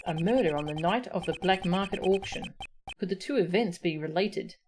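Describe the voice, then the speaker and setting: A woman voicing a composed, formal male prosecutor who asks measured questions in game dialogue. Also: on the low side, darkish tone, faint music behind, natural voice.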